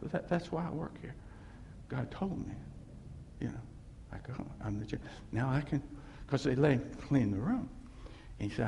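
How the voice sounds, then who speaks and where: A man's voice: on the high side, gravelly, darkish tone, big-room sound. A man preaching a sermon, telling stories and drawing in the congregation with repeated questions and amens. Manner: storytelling with call-and-response asides. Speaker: pastor.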